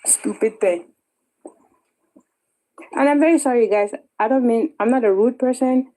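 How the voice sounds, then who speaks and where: A woman's voice: fairly high pitch, measured pace, mellow, poor audio. A woman hosting a live online call-in discussion. She keeps callers in line firmly and assertively, and she repeats herself when her words catch. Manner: firm, assertive, stutters when angry. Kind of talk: moderating a heated call-in.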